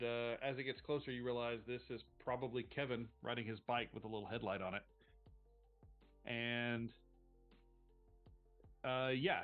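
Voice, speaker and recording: A man narrating a tabletop game as game master on a live stream, relaxed with many fillers, over tinny audio with faint music. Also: medium pitch.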